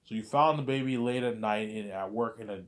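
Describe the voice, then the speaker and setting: A fussy female adoption clerk grills the visitor with rapid, pointed questions, as a man puts her on. The pitch sits well above his normal voice. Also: close to an everyday voice. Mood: questioning.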